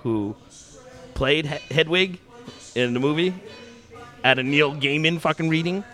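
A man's voice: a little high, unhurried, a bit bright, soft background music. A man chatting casually among friends, crude and teasing in his remarks. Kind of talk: casual chat.

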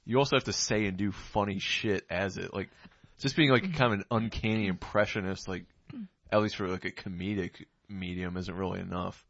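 A man's voice: low voice, steady tone, a little fast, gravelly, a bit bright, dry recording, muffled recording. A man co-hosting a podcast, laid-back and full of fillers in a crude casual chat. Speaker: podcast co-host.

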